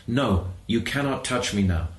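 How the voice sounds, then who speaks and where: A man's voice: medium pitch, expressive, a little slow, close to an everyday voice. A man voicing a hurt, stubborn young boy god who refuses to be comforted, in an echoey room. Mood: hurt refusal. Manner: sulky, refusing.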